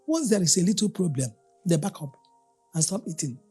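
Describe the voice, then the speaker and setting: A woman's voice: on the low side, fairly quick, husky, soft background music. A woman pastor preaching a sermon, telling everyday stories and acting out the people in them. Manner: animated storyteller, acting out the people in her stories. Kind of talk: storytelling sermon.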